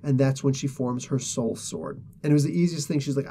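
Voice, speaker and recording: A man's voice: mid-range voice, steady tone, brisk, warm tone, a little hiss or hum. Rambling man retelling a comic. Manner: rambling, filler-heavy retelling. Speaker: comic book reviewer host. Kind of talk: casual comic book review.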